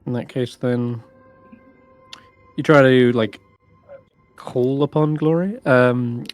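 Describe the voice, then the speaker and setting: A man's voice: medium pitch, fairly even intonation, takes it slowly, soft background music. A man narrating as game master in a tabletop game, describing scenes in a hesitant way with many fillers.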